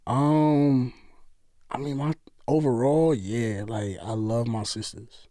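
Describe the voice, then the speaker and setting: A man's voice: medium pitch, little pitch movement, takes it slowly, warm tone, dry recording, clean studio sound. A man from New York with a New York accent, chatting casually as a podcast guest in a laid-back, streetwise way. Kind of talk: casual chat.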